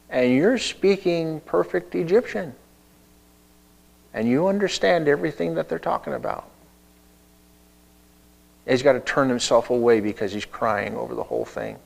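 A male pastor preaches, retelling a story with many rhetorical questions and sudden dips into hushed tones. His voice sits in a middle pitch with a steady gravelly creak. His delivery stays animated throughout. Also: low-quality recording. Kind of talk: sermon.

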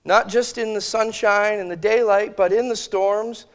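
High-voiced man preaching conversationally. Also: fairly even intonation, long reverb tail. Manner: conversational, thinking aloud with restarts; slow, emphatic phrasing of quoted scripture. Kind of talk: sermon.

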